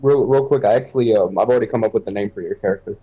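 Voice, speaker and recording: A man on an indie game team telling quick anecdotes in casual chat and quoting what others said. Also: fairly low pitch, phone-quality sound. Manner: fast storytelling, quoting others.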